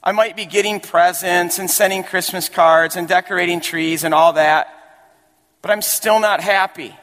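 A man's voice: high voice, fairly even intonation, moderate pace, fairly bright tone, pitched above the performer's own voice. A male pastor voicing a glum, worried cartoon boy in a raised, plaintive tone. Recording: long hall reverb.

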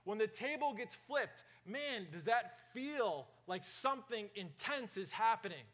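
A man preaching a sermon to his congregation, energetic and often asking the room questions. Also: sits high, measured pace. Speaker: pastor.

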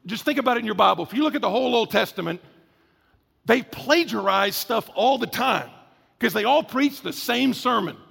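A man's voice: extremely high pitch, expressive, normal speed, gravelly, a bit bright, slightly rough, in a large hall. A man preaching a sermon as pastor, in a conversational, emphatic way, stretching out key words. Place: church.

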